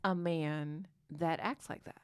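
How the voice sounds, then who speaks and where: A woman co-hosting a casual podcast, telling little stories and pressing her point with earnest, teasing energy. Her voice sits low for a woman. The sound is close and dry. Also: fairly even intonation, slow, clean tone, dry recording. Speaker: podcast co-host. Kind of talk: casual chat.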